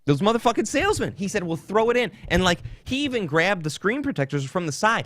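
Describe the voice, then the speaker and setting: This is a man hosting a casual comedy podcast, venting through a story with a lot of indignation and profanity. His voice sits slightly high and leaps up and down all the time. The sound is close and dry, with no room around it. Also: brisk, dry recording. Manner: animated and indignant, swears freely. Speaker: podcast host.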